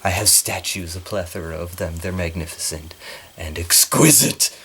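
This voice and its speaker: A man's voice: deep voice, steady tone, normal speed, a bit bright, slightly rough, pitched below the performer's own voice, exaggerated voice. A man doing a pompous lisping troll. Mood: boastful. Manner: boastful, lisping through fake teeth. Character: pompous muscle-proud young male troll. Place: small bedroom corner.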